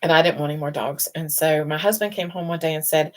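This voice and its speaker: Low-voiced woman chatting tearfully on a stream. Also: fairly even intonation, quick pace, hardly any pauses. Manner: rambling, emotional, fighting back tears. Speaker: host. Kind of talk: casual live-stream chat.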